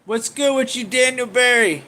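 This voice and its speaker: A man's voice: extremely high pitch, moderate pace, sharp tone. A man hosting a casual livestream, rambling and swearing as he reacts to viewer comments and laughs often. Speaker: livestream host.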